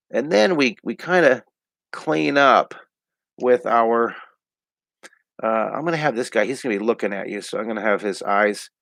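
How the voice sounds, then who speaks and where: A man's voice: medium pitch, gravelly, a bit bright, dry recording. A middle-aged man hosting a live online drawing lesson from home, chatty and upbeat as he talks through each pencil stroke. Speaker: drawing teacher and host.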